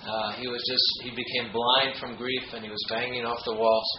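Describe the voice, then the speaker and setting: A man's voice: medium pitch, little pitch movement, normal speed, few pauses. A man giving a spiritual talk, reading quotes emphatically and telling a parable with hesitant fillers, in a roomy, dull recording with noise behind. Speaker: spiritual speaker. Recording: roomy, dull, noisy ambience.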